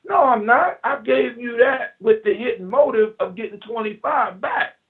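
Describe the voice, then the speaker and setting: A man talking in a casual chat, making his point like a sermon and acting out the people he quotes in a lower voice. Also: moderate pace, vocal fry. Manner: preachy, acts out quoted voices in a low register. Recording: distant, phone-like line.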